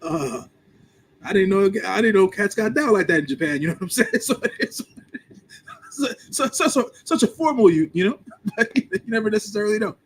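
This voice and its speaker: A man's voice: high voice, lively intonation, a little fast, slight background noise, poor audio. A man co-hosting a live stream in a laid-back, slangy way, with lots of ums and easy laughter. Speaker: podcast co-host. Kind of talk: casual live-stream chat.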